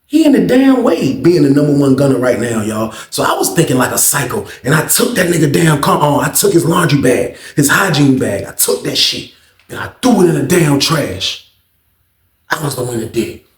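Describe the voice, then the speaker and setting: A man telling a profane prison story in a casual, animated way, acting out the other people's voices. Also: fairly high pitch, normal speed. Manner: animated, acts out others' voices, heavy cursing. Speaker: storyteller vlogger. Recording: echoey room.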